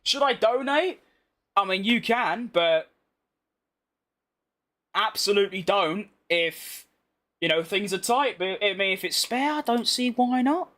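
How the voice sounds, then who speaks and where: Chatty young British man with a high voice. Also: expressive, unhurried, long pauses, sharp tone. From Britain. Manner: chatty, blunt, reads chat and banters back. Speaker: gaming streamer. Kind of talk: casual commentary over gameplay.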